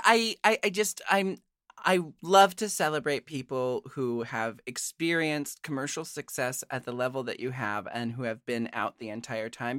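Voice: mid-range voice, fairly bright tone, no echo, clean studio sound. An interview host who asks questions hesitantly, with many fillers, and laughs easily. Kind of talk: casual interview chat.

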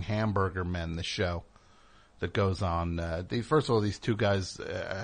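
A man hosting a comedic talk show, riffing in a rambling, sarcastic way with plenty of fillers. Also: lowish voice. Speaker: host.

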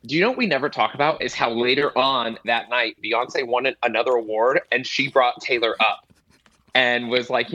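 A man who is a comedian, a guest on a podcast, telling pop culture stories in a quick, excited, self-mocking way. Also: medium pitch, dry recording, muffled recording. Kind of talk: casual chat.

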